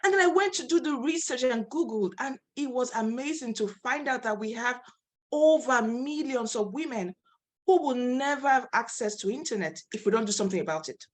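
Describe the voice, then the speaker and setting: A woman's voice: on the high side, lively intonation, fairly quick. A woman from Nigeria, a nonprofit founder, telling her story as a guest speaker over a video call, earnest and passionate. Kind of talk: interview storytelling.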